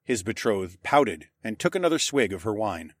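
A man reads a first-person story aloud in a steady, even way. His voice sits low and sounds close and dry, with no room around it. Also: moderate pace, no room sound. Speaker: audiobook narrator. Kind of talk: scripted first-person narration.

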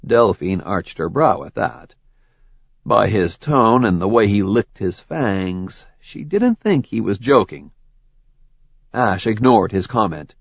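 A man narrating an audiobook in an unhurried, measured way. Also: fairly low pitch, lively intonation, gravelly, no room sound, muffled recording. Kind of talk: scripted narration.

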